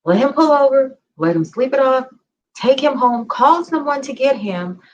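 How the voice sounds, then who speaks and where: A woman's voice: high voice, lively intonation, normal speed, darkish tone. A woman co-hosting a podcast, telling a story in casual conversation with earnest, emphatic repeats. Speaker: podcast co-host. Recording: slightly dull lo-fi sound.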